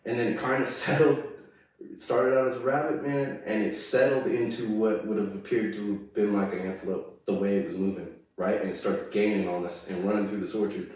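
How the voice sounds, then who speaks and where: Male interview guest, slangy and laid-back, fairly low voice, recorded far off in heavy echo. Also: flat delivery, brisk, darkish tone. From California. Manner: laid-back slangy talk full of "dude", "like" and "right?". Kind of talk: casual storytelling in a conversation. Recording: very echoey, mic far away.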